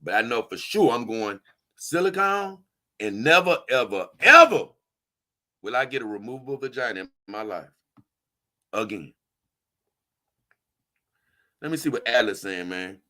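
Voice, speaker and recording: A doll-collecting vlogger with a mid-range voice answers viewer comments casually, sounding animated, pushed, and bright at a moderate pace. His replies are emphatic, repetitive, and slangy, and he often trips over words and restarts.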